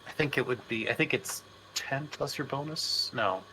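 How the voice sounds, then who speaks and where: A man running a tabletop game session, talking casually and checking rules aloud with some halting starts. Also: mid-range voice, pushed and bright, a little hiss or hum, poor audio. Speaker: game master.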